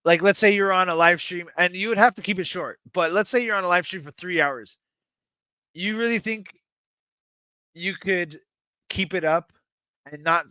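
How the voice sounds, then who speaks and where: A man hosting a livestream, chatting to his viewers in a rambling, excitable, self-mocking way and swearing freely. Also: fairly high pitch, smooth, dry recording, dull audio. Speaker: livestream host. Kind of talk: casual livestream chat to viewers.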